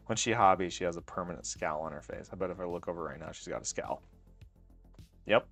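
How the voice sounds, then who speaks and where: A man's voice: low-pitched, lively intonation, fairly quick, fairly bright tone, faint music behind. A man hosting a casual livestream, joking and laughing often as he talks to chat while working on a craft. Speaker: livestream host.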